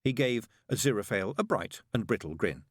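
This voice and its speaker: A man narrating an audiobook with brisk, expressive storytelling. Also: lowish voice, breathy edge, no room sound, studio quality. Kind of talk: scripted narration.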